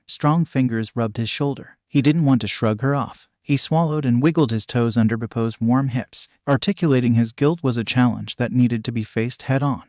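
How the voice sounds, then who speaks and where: A man narrating a fan fiction story in a steady, even reading voice, recorded close and dry. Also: mid-range voice, moderate pace, few pauses, no room sound. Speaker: fanfiction reader. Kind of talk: audiobook-style story narration.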